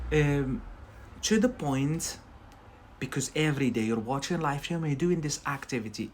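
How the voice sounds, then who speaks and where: Male English teacher, live-stream lesson, relaxed and conversational, checks in with viewers. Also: medium pitch, slight background noise. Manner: chatty, often checks in with a questioning "yeah?". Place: in Scotland.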